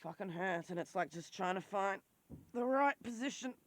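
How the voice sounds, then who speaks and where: A woman's voice: medium pitch, lively intonation, normal speed, no echo. A woman talking in a raw, emotional confessional vlog and swearing freely. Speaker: vlogger.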